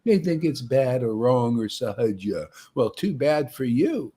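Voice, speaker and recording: A man's voice: medium pitch, animated, measured pace, dark tone, husky. A man preaching to a devotee meetup, taunting and confrontational, often ending phrases with "man" and "see?". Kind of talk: impassioned street-style preaching.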